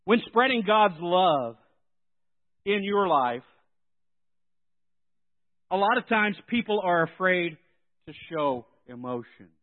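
A man preaching a sermon in an animated way, swinging between soft and loud. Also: sits high, slow, long pauses. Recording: tinny phone-like sound.

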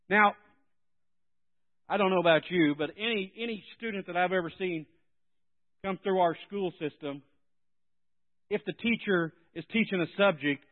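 Man, sermon, animated, soft to loud, fairly high voice, tinny phone-like sound. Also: normal speed, pauses often. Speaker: preacher.

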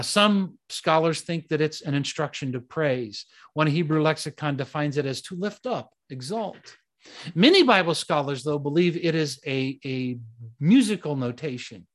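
A male pastor preaching a sermon with a dramatic delivery. He repeats short commands with slow, deliberate emphasis, then lowers his voice to near-hushed tones when he tells a story.

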